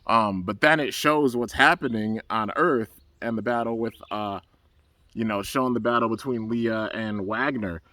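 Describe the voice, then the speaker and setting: Man in a laid-back recap, slightly low voice, rambles eagerly with fillers. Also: moderate pace, sharp tone, dry recording. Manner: rambling, loose and enthusiastic, full of "um" and "you know". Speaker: anime episode reviewer. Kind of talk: casual recap.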